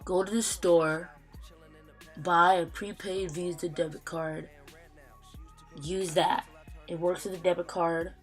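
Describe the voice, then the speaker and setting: A man's voice: high-pitched, flat delivery, takes it slowly, long pauses, soft background music. A man casually giving advice in a vlog, rambling and joking with fillers and asides.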